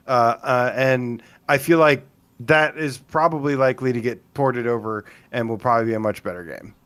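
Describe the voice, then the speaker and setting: A man's voice: medium pitch, normal speed, clean tone. Opinionated man on a gaming podcast. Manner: opinionated, animated, self-interrupting. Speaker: podcast co-host. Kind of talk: casual gaming podcast chat.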